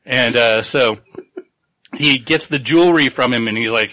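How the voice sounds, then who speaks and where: A man's voice: mid-range voice, measured pace, bright, forceful tone, rough recording. A man on a podcast casually recapping a novel's plot, rambling and swearing as he acts out the characters. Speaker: podcast co-host.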